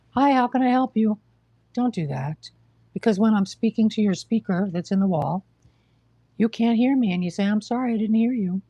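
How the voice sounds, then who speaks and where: A livestream host recounts hospital care on a casual stream, in a husky, gravelly voice that's low and mellow, recorded dry and close. Short of breath and coughing, the speaker lectures in a blunt, exasperated way.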